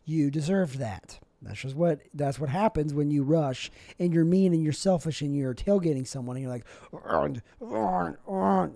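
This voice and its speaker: In a deadpan comedic monologue, a young vlogger rambles and tosses in absurd asides while his pitch jumps around a lot. His tone is warm and mellow, and the dry, close recording carries no room sound.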